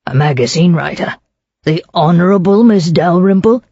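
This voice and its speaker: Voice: medium pitch, normal speed, mellow, muffled recording, natural voice. A narrator voicing a gloomy, suspicious police inspector of about fifty who speaks in a stolid, skeptical way.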